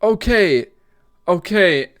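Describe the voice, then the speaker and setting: A man's voice: sits high, expressive, drawn-out words, fairly bright tone, clean tone. A man hosting a reaction video, chatting casually and wondering aloud as he talks. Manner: rambling, self-questioning, chatty.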